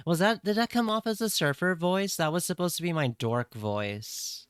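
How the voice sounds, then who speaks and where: A man's voice: high voice, normal speed, a bit bright, clear, resonant tone, dry recording, clean studio sound. Playful young man rambling to chat. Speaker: streamer. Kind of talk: casual livestream chat.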